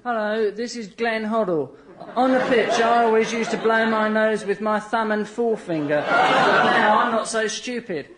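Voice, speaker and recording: A man's voice: sits high, unhurried, very noisy. A man performing a comic skit in a cheerful, matter-of-fact way. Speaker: radio comedy performer. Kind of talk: comic celebrity-impression skit.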